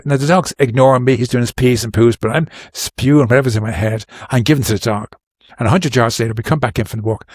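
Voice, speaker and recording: An earnest, middle-aged man talks through advice in a loose, rambling way, often restarting his sentences. His voice sits in an ordinary middle pitch. The sound is dry and close, with no room echo. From Ireland. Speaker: podcast guest. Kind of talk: casual advice talk.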